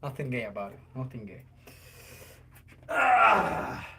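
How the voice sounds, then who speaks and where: A man's voice: medium pitch, a little slow. A man talking loosely on a livestream, joking and cursing as he answers chat. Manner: loose and joking, curses a lot, chats with viewers.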